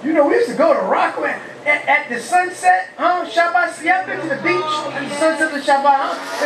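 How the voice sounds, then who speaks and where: A rabbi gives a lively call-and-response sermon, asking the congregation questions and shouting praise. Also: male voice, very high voice, a little fast, hardly any pauses, a little hiss or hum. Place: humid, warm house of worship. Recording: echoey hall, mic far off.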